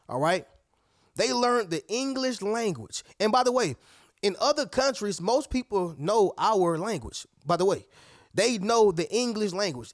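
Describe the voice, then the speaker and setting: There's no echo in this clean studio recording of a man's motivational talk to camera. Emphatic and preachy, he calls his audience "y'all" and "family" and frequently mimics what others would say, pitching his voice higher for them.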